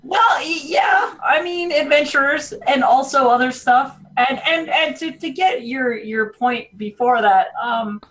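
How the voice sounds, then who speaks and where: A woman's voice: high voice, a little slow, hardly any pauses, a bit bright, low-quality recording. A woman playing her character in a tabletop game, bubbly and chatty. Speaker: player.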